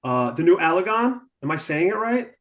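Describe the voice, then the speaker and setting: Slightly high-voiced man from Long Island, chatting. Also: big pitch swings, normal speed, crowd noise. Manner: enthusiastic, hesitant fillers. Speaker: guest. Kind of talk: casual chat.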